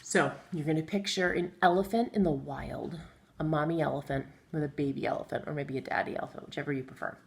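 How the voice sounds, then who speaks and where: Low-voiced woman teaching young kids phonics. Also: vocal fry. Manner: patient, encouraging, sounds words out slowly. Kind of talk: phonics lesson for young children. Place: classroom with chalkboard. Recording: echoey room, faint ambient noise.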